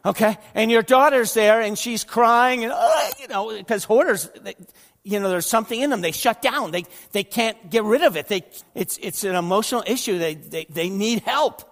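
A man's voice: sits high, normal speed, a bit bright. Older male pastor preaching in an echoing hall. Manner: conversational, repeats words, asks the audience questions. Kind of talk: sermon with slides.

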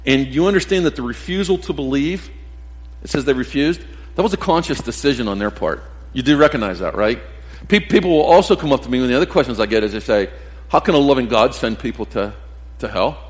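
A man's voice: mid-range voice, lively intonation, fast, big-room sound. A man preaching a sermon to his congregation, often repeating words and restarting phrases as he speaks.

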